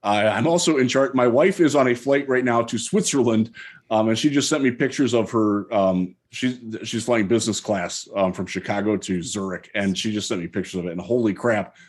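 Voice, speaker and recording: A man's voice: lowish voice, normal speed. A man co-hosting a podcast from home, talking through football plays in detail in a casual chat. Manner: thoughtful, detailed football analysis. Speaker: podcast co-host.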